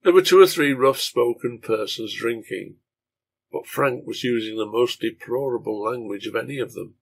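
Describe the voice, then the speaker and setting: A man narrating a translated serial novel in a measured storytelling reading. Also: medium pitch, vocal fry, breathy edge.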